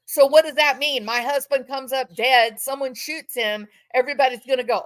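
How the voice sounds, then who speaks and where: A woman's voice: high-pitched, steady tone, normal speed, few pauses. A woman giving impassioned true-crime commentary from home, repeating phrases for emphasis and mock-quoting others.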